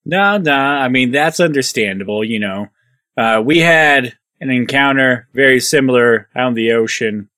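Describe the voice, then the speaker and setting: Bright dry-voiced man playing a tabletop character. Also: mid-range voice, no echo. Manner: dry, sarcastic, quick. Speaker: player.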